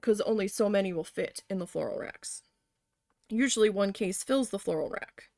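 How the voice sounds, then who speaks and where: A woman's voice: medium pitch, normal speed, no echo, clean studio sound. A woman telling a story about her job in a casual way while she paints, acting out what she and her boss said. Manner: animated retelling, acting out her boss and her own panic. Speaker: painting livestreamer.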